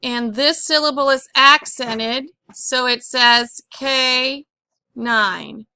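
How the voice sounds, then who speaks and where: Slow, bright-voiced woman teaching phonics. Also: high-pitched, steady tone, smooth, dry recording. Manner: patient, slow, questioning, repeats words for pupils. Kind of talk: classroom phonics lesson.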